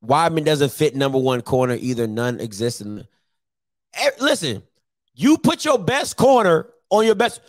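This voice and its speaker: A man's voice: fairly high pitch, big pitch swings, normal speed, no echo. A man on a sports talk show, arguing his point insistently and repeating himself for emphasis. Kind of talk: heated sports debate.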